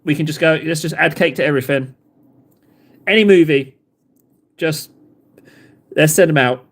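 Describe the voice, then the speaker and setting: A man's voice: a little high, normal speed. A man hosting a casual livestream while painting models, playful and joking, laughing often. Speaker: livestream host.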